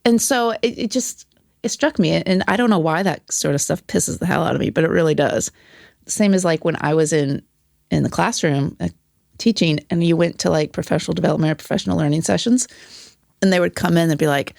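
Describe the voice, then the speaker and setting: Woman guest, former teacher, low and husky-gravelled, blunt and profane storyteller. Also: brisk, a little mellow, no echo, studio quality. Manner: candid, profane, acts out quoted voices. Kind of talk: casual conversation.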